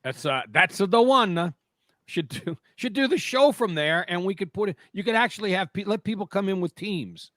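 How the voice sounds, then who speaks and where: Bright-voiced joking man on radio. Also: high voice, moderate pace, dry recording, clean studio sound. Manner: joking, teasing, animated. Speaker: radio show regular. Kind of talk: casual studio banter. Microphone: studio microphone.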